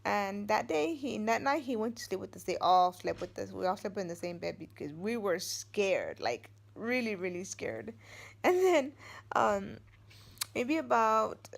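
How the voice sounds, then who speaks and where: A middle-aged woman talking to the camera at home, winding through a personal story in a loose, rambling way. Her voice has a gravelly, creaky edge at an ordinary pitch. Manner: rambling, meandering delivery. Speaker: vlogger. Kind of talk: casual storytelling.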